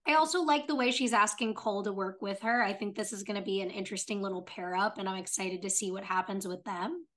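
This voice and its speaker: A woman's voice: mid-range voice, quick pace. A woman co-hosting a podcast, recapping a TV episode in casual chat and swearing freely. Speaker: podcast co-host.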